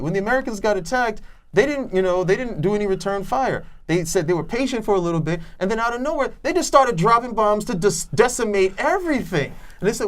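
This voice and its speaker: A man's voice: high-pitched, lively intonation, fairly quick. A man co-hosting a casual movie review chat, giving long rambling explanations full of restarts. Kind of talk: casual film discussion.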